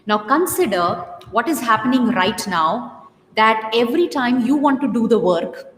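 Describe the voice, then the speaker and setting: Woman happiness coach, fairly high voice, emphatic repeats, echoey room with a long reverb tail and faint hiss. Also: lively intonation, a little slow. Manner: earnest, emphatic, repeats words for stress. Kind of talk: live-streamed coaching talk.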